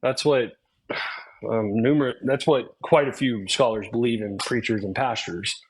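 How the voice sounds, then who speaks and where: Debate caller, man, mid-pitched, pushy and insistent. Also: fairly even intonation, unhurried, rough recording. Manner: insistent, interrupting. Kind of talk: online debate.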